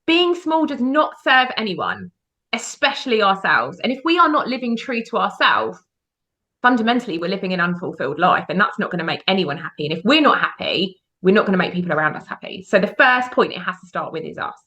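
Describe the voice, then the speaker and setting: A woman's voice: medium pitch, very animated, brisk, sharp tone. A woman guest on a podcast, a mindset coach, talking emphatically and acting out the voices she quotes. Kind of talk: podcast conversation.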